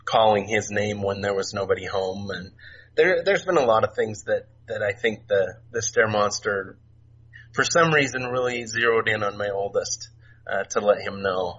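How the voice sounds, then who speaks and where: Middle-aged male guest, halting soft storyteller, muffled lo-fi audio with light hiss. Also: lowish voice. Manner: soft-spoken, halting, many fillers and restarts. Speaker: podcast guest, author. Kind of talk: casual storytelling interview. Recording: dull lo-fi remote audio, faint noise.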